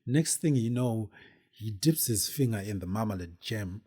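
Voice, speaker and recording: A man's voice: lowish voice, animated, moderate pace, mellow, husky. A man hosting a podcast, telling a personal story casually in a rambling way, with many fillers and restarts. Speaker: podcast host.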